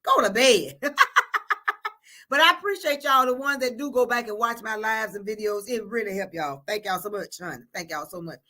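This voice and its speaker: A high, bright-voiced woman, chatting casually on a livestream. Her pitch swings all over as she reads out comments, laughs a lot and calls everyone honey and baby. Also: big pitch swings, a little fast. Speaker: livestream host reading viewer comments.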